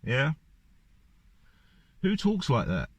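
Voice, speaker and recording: A man's voice: medium pitch, huge pitch swings, drawn-out words, no room sound. A man ranting in a monologue to camera, firing off one rhetorical question after another. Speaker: vlogger. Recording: dull lo-fi dry recording.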